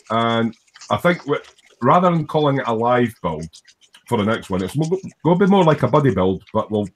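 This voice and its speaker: Male host of a casual live stream, chatty, loose with fillers, greets each viewer. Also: on the low side.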